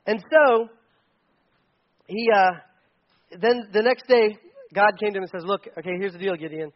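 Male preacher, high voice, casual storytelling sermon, playful and animated, muffled lo-fi sound. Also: normal speed, long pauses. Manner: animated, acts out characters' lines with jokes and laughs.

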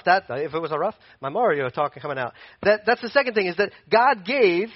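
A man's voice: high voice, dry recording, muffled recording. A man preaching a sermon in a casual, conversational way, pacing as he talks. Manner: conversational, animated, paces while preaching.

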